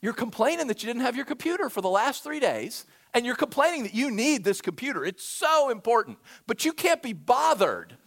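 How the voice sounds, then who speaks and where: A man preaching a sermon, telling stories with animated, shouted emphasis. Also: extremely high pitch, fairly quick, gravelly, hardly any pauses. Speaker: pastor.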